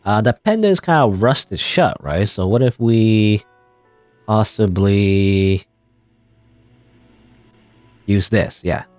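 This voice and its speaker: A man's voice: on the low side, animated, slow pace, pauses often, darkish tone, no echo, soft background music. A man giving casual gameplay commentary, rambling and chuckling as he thinks aloud. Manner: rambling, chuckling, self-interrupting. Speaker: let's play gamer.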